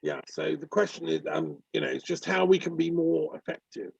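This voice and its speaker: A man's voice: fairly high pitch, fairly even intonation, a little fast, creaky, breathy edge, dry recording. A man talking in an earnest, rambling way, with many ums, in a casual discussion over a video call. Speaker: peace activist on a video call. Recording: dull lo-fi call audio.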